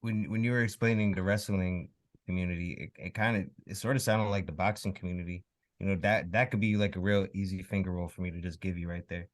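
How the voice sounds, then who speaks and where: A man with a very low voice joining a casual podcast game. His speech is quick and loose, and his words tumble out fast. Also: steady tone. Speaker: podcast contestant.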